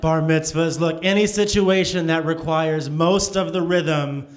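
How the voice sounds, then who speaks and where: A man performing stand-up in a comedy club, taking his time over every line. His voice sits slightly high. His delivery is dry and measured, and he makes himself the butt of the jokes. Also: steady tone.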